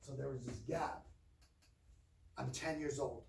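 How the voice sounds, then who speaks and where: A man's voice: medium pitch, fairly even intonation, unhurried, gravelly, slight background noise. A middle-aged man giving a training talk and telling personal stories in a rambling, self-correcting way, heard on a distant mic in a roomy space. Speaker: training speaker.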